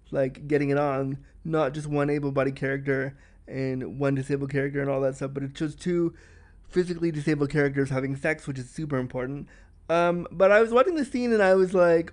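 A man hosts a podcast and talks through a film in frank, candid commentary. His voice sits a little high. He speaks quickly and chattily, without holding back. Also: a little mellow. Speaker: podcast host.

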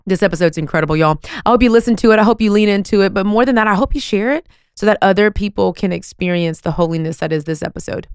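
A woman hosting a podcast in casual chat, telling stories in an effusive, animated way. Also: medium pitch, fast, clean tone, dry recording. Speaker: podcast host.

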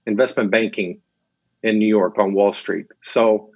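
A man's voice: fairly low pitch, a little slow, slightly rough, no echo. A man, an interview guest and missionary, telling his story animatedly and acting out the dialogue. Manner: animated storyteller, acts out quoted dialogue, laughs. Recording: dull, lo-fi dry sound.

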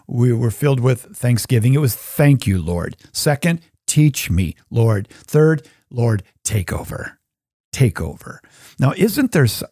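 A middle-aged man hosting a Catholic talk show, earnestly teaching how to pray and softening into a hushed voice for the prayers. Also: medium pitch, slightly rough, no room sound, studio quality. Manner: earnest, drops to a soft, hushed voice when voicing prayers. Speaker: Catholic podcast host.

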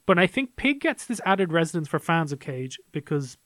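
Male podcast critic, fairly high voice, dry close sound, eager and analytical, filler-heavy casual talk. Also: big pitch swings, normal speed, a bit bright, no echo. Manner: enthusiastic, analytical, many fillers like "like" and "um". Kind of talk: casual review discussion.

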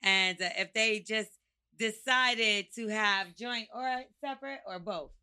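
A woman's voice: mid-range voice, takes it slowly, pushed and bright, smooth, no room sound. A woman co-hosting a podcast in casual chat, speaking frankly and leading the segments. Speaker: podcast co-host.

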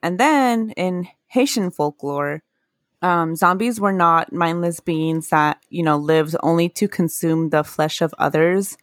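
Earnest woman with a low, dry voice. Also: no room sound. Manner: earnest, laughs at own mispronunciations. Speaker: podcast co-host. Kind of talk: casual chat, telling folklore history.

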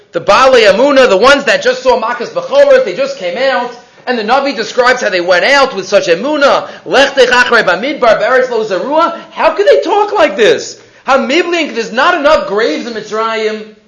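A man gives a weekly Torah portion lesson in a strikingly high voice. He teaches with animation and poses rhetorical question after question. Hebrew phrases run all through his English explanations. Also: a bit bright, low-quality recording.

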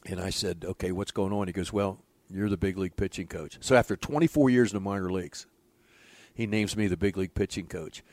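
An older man, a former pitching coach, telling stories in an interview with a folksy, animated manner, acting out the dialogue. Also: fairly quick, dry recording. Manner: folksy, animated storyteller who acts out quoted dialogue. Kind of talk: storytelling in a conversational interview.

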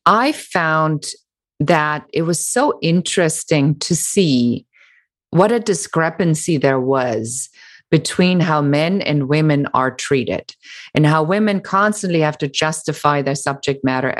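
Woman, low pitch, middle-aged, emphatic, interview guest. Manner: animated, emphatic, sarcastic mimicry. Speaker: author and business founder. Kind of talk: interview answer.

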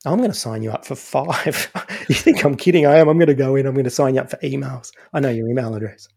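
A man co-hosting a podcast in casual chat, joking and animated. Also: mid-range voice, fast talker, gravelly, slightly rough. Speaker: podcast co-host.

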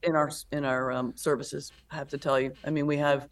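A woman pastor and comedian, a guest in an interview, telling stories in a lively, animated way. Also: sits low, brisk. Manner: animated storyteller, lively retelling with laughs. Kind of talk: conversational interview.

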